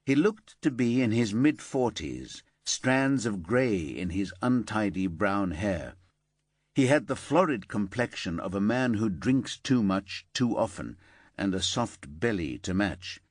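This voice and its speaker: Husky low-voiced male audiobook narrator. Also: big pitch swings, unhurried, dry recording, clean studio sound. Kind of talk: scripted narration.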